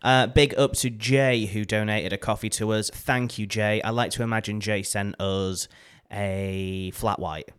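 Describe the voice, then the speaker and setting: A man's voice: fairly low pitch, steady tone, unhurried, few pauses, a bit bright, clean tone. A man co-hosting a podcast in casual chat, playful and teasing. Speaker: podcast co-host.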